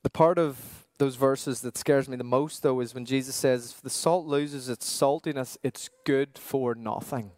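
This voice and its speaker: Slow earnest preacher man. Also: medium pitch, steady tone, a little mellow, no room sound. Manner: earnest, questioning, with slow emphatic pauses. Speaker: pastor. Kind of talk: sermon.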